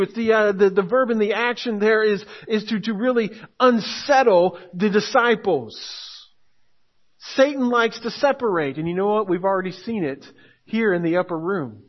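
A man's voice: sits high, moderate pace, muffled recording. A man preaching a sermon as pastor, earnest and building to emphatic urgency.

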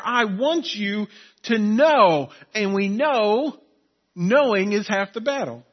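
A man's voice: extremely high pitch, lo-fi sound. A man preaching a sermon as pastor, earnest and repeating key phrases for emphasis.

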